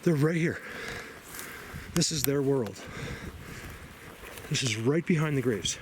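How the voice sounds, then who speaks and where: A man of ordinary pitch rambles excitedly to his camera while out in a forest. He chats casually, laughs often and jumps from thought to thought. Steady outdoor noise sits clearly behind his voice. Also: slow. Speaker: vlogger.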